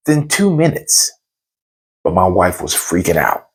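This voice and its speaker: A man's voice: deep voice, a little slow, husky. A man telling a funny personal story, acting out the voices in it. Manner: animated, acts out the voices in his stories.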